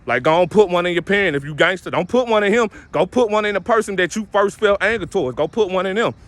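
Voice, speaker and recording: A brash young man delivers a preachy rant in blunt street slang, his voice sitting a little high for a man. He talks straight to the camera from inside a vehicle. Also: expressive, fast talker, fairly bright tone. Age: 20s. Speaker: vlogger. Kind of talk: ranting monologue to camera.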